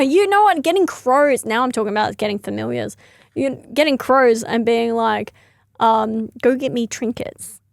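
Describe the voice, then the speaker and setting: Brief: young female comic, high voice with vocal fry, rambling and giggly, dry close sound. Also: no echo. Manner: rambling, giggly, lots of "like" and self-corrections. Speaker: comedian. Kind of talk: casual comedic monologue.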